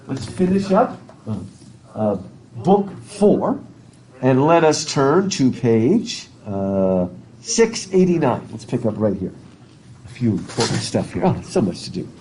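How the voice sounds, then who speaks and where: A man's voice: mid-range voice, sing-song, takes it slowly, mellow, a little hiss or hum, rough recording. A male literature teacher talking casually and ramblingly to his class, laughing easily. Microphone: masked, recording his own class.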